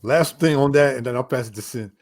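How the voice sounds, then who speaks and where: A man's voice: medium pitch, brisk, a little mellow. A man hosting a casual interview, agreeable and curious, often answering "right, right".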